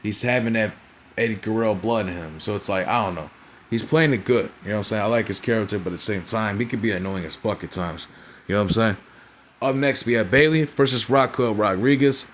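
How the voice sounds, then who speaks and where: A man's voice: lowish voice, brisk, a little hiss or hum. A young man casually recapping a wrestling show, rambling and profane, forever tagging on "right?" and "you know what I'm saying?".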